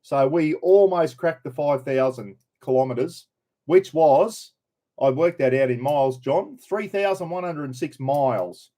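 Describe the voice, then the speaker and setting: A man's voice: fairly high pitch, a little slow, warm tone. A middle-aged Australian man hosting a casual live stream, chatting loosely, greeting viewers by name and swearing freely.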